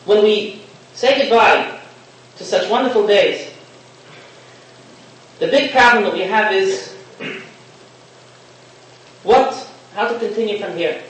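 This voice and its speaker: A man's voice: high-pitched, takes it slowly, long pauses, a bit bright. A man giving a sermon, telling a parable in a storytelling manner and mixing in Hebrew and Yiddish terms. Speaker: rabbi giving a talk. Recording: echoey room, distant mic, faint hiss.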